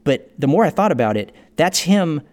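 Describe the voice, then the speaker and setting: A man's voice: a little high, very animated, moderate pace, darkish tone. A man co-hosting a podcast, joking in a laid-back way while going through his notes on a film. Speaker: podcast co-host. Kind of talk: casual movie review chat.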